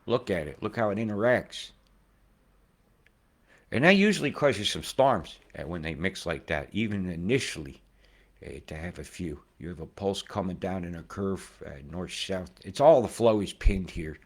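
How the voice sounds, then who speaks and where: A man in his forties giving rambling weather commentary over maps, who swears freely and swings from mumbling asides to loud outbursts. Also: sits low, lively intonation, moderate pace. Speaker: weather video host.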